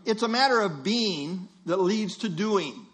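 High-voiced man preaching a sermon. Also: lively intonation, a little slow, fairly bright tone. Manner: earnest, emphatic teaching with rhetorical quotes.

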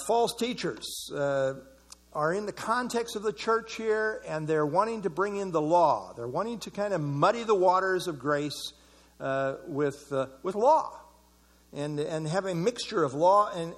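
A man leading an evening church Bible study in a casual, conversational way, commenting on verses and asking the group for thoughts. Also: high-pitched.

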